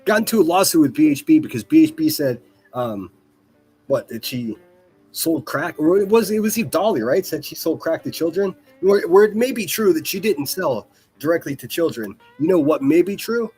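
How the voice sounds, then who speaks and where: A man's voice: a little high, animated, moderate pace, dark tone, husky. Man, livestream host, profane rant, mocking, rambling, faint background music. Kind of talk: ranting livestream commentary.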